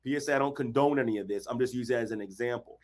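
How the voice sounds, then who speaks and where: A man hosting a motivational workshop over a video call, acting out quotes and bursting into shouts. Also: medium pitch, very fast. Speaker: workshop host, counselor.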